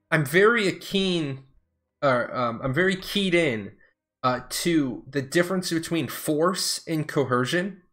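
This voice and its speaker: His voice is a little high and a bit bright. This middle-aged ex-Air Force officer spins stories in a casual chat, bluntly and with plenty of profanity, rambling off on tangents mid-story.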